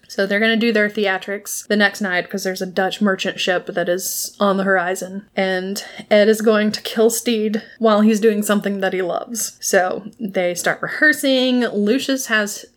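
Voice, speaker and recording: A woman's voice: medium pitch, steady tone, normal speed, few pauses. A woman casually recapping a TV episode, chatty and laughing often as she acts out quotes.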